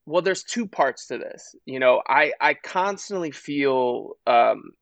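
A man, a podcast guest, talking earnestly and haltingly about his work. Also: mid-range voice, animated, creaky, fairly bright tone, dry recording. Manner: earnest, halting, with many restarts. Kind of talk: casual podcast chat.

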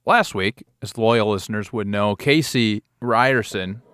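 A man co-hosting a casual beer-tasting podcast, with dry deadpan humor, recorded in a studio. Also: on the low side, measured pace, smooth, no room sound. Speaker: podcast co-host.

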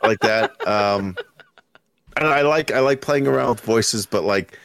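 Low gravelly guy rambling on a podcast, swears a lot, dry close sound. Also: a little slow, no echo. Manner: relaxed, rambling, swears freely. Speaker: podcast guest. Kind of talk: casual podcast chat. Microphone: podcast microphone with headphones.

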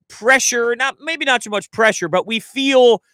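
A man co-hosting a sports radio show, asking probing questions and reacting quickly to his partner. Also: very high voice, pushed and bright, smooth, no echo, studio quality. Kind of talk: casual sports talk.

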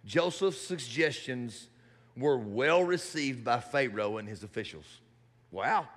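A man preaching a sermon in a church hall, animated and building to shouts. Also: mid-range voice, slow pace.

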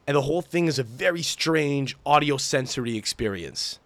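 A man's voice: medium pitch, normal speed, no room sound. Profane young man telling stories. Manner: animated, profane, exaggerated storytelling. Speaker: podcast host. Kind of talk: casual solo podcast storytelling.

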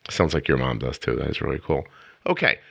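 A man's voice: very deep voice, lively intonation, brisk, vocal fry, fairly bright tone, breathy edge, no echo. A middle-aged man hosting a podcast interview, chatty and enthusiastic, with rambling asides. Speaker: podcast host. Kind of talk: casual interview chat. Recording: dull lo-fi dry sound.

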